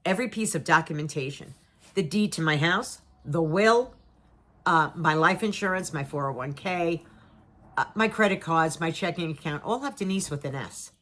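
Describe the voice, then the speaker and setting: A woman's voice: low voice, moderate pace. A middle-aged woman telling a personal story to her viewers in a casual, dramatic way, acting out what people said and repeating words for emphasis. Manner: animated, dramatic, acts out her own and others' lines.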